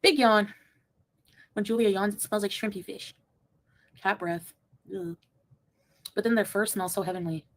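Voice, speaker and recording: A woman's voice: medium pitch, steady tone, moderate pace, long pauses. A woman co-hosting a livestream, reading the chat aloud in a playful, teasing way and tossing in French phrases.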